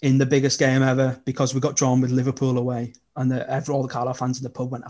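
A young man, chatting casually and telling animated football stories as a podcast guest. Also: medium pitch, quick pace. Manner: animated storytelling with laughs. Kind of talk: casual chat.

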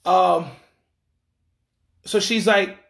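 A man telling a rambling dating story in a casual monologue, slangy and animated, acting out what people said. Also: high-pitched, very slow, gravelly. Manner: rambling, animated, acts out quoted lines; frequent fillers and restarts, slangy.

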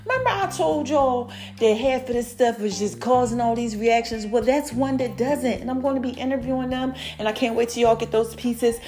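An effusive woman talks straight to her followers in a casual promotional update, a touch higher than most. She gushes, calls them y'all and baby, and keeps the energy up. Faint music plays under her voice. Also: moderate pace, few pauses. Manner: animated, effusive, addresses listeners as y'all and baby. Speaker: podcast host and brand owner.

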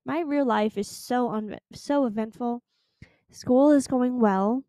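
A woman's voice: fairly high pitch, takes it slowly, warm tone, no echo. A young woman hosting a podcast, chatting casually and venting exasperatedly about her week. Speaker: podcast host. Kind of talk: casual chat.

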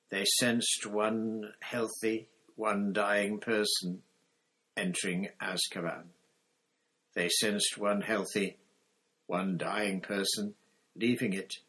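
A dazed young man under a truth potion, read by a man, speaking in a flat, expressionless drone. His voice sits low and moves slowly. It is an audiobook confession. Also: husky, full character voice, rough recording.

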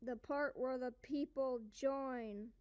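A woman who voices every character in an animated object show herself, jumping between shrill shouts and flat mumbled asides. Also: slow.

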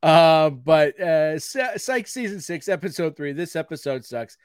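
A man in his forties co-hosting a casual podcast, excitable and playful, often laughing as he talks. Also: on the high side, unhurried, clear, resonant tone, no room sound, clean studio sound. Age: 40s. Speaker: podcast co-host.

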